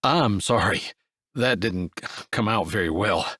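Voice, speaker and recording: A man's voice: lowish voice, slow pace, a bit bright, no echo, clean studio sound, pitched below the performer's own voice. A man voicing a shy, earnest young cowboy who stumbles over his words, in an audiobook. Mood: awkward.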